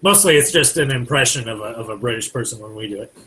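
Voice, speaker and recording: An American man joining a casual live chat, talking in a relaxed, musing way. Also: mid-range voice, quick pace, crowd noise, low-quality recording. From United States.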